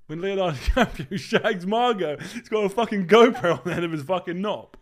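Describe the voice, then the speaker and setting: A man's voice: sits high, fairly quick. A young man co-hosting a podcast, crude and blunt, swearing freely in casual banter. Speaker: podcast co-host. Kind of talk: casual chat.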